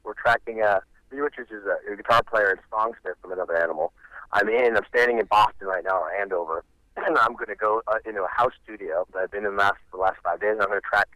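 A man's voice: lowish voice, fast, bright, forceful tone, dry recording, poor audio. A middle-aged man, a musician guest, telling rambling stories in an interview. He restarts often and acts out the quotes of the people in his stories. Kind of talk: animated storytelling in an interview.

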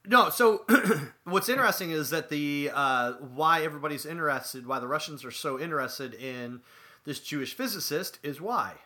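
Guy with a bright sharp voice, stumbles over words a lot while recapping. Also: on the high side, lively intonation. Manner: halting, repeats words, searches for names. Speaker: podcast co-host. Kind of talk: casual chat recapping a TV episode.

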